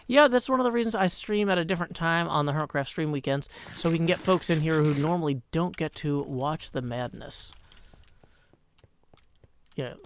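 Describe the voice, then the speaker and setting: Chatty man with a gravelly voice. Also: fairly high pitch, moderate pace, slight background noise. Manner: chatty, wry, reads chat aloud, mutters to himself. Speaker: livestream host. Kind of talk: casual live-stream chat while gaming.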